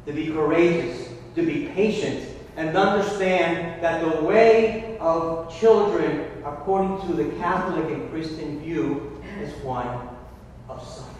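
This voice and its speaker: A high-voiced male priest gives a homily, telling a fable with restarts and slowing down to stress his points. His voice carries through a big church with a long reverb, picked up from far off over faint room ambience. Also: a little mellow, slight background noise. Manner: storytelling, with restarts and emphatic slowing. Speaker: Catholic priest. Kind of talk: sermon.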